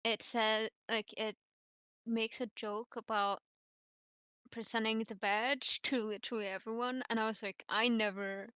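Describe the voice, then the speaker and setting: Slow-talking, bright, giggly woman gamer. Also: on the high side, flat delivery, clean tone, no echo. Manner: giggly, chatty. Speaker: let's play co-player. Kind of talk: casual game commentary.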